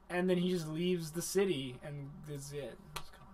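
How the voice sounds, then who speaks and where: A man hosting a livestream anime review, recapping the plot in a rambling, profane, animated way. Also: high-pitched, a little slow, long pauses.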